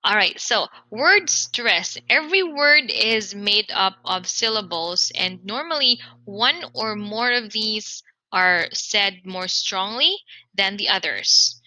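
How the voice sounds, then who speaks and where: A woman with a very bright, crisp voice teaching an online English pronunciation lesson. She speaks clearly and encouragingly and slowly repeats the example words. The sound is close and dry, with no room echo. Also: mid-range voice, lively intonation.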